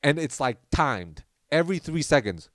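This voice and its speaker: A young man, a podcast host, tells a rambling, animated story in casual chat and acts out what people said. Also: fairly high pitch, normal speed, dry recording, studio quality.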